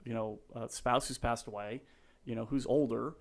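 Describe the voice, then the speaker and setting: Speaking as a guest on a laid-back podcast, a male real estate agent talks with a steady, mid-range voice touched by vocal fry. His delivery is halting and packed with fillers and false starts. He's sincere throughout, turning emotional at moments and breaking into laughter.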